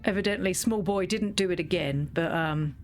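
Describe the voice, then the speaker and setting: A woman, chatting casually while she plays a game and tells stories in a lively way. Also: on the low side, moderate pace, faint music behind. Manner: chatty storytelling, lively quoted asides. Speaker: gaming video creator. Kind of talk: casual chat while playing.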